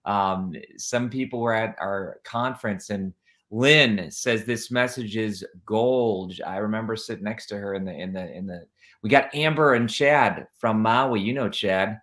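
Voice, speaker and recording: A man's voice: lowish voice, moderate pace, fairly bright tone. A man hosting a live-streamed interview, upbeat and urging viewers to share and tag people. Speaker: host.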